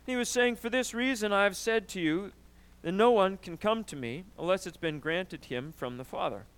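Man, pastor, sermon, high voice, smooth clear tone, emphatic, throat clearing. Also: normal speed. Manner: animated, emphatic preaching with frequent "right?" and throat clearing.

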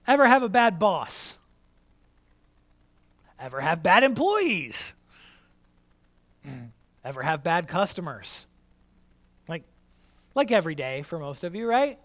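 A man preaching a sermon, animated and conversational, repeating his key line to the congregation. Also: on the high side. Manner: conversational, many restarts and asides. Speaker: pastor.

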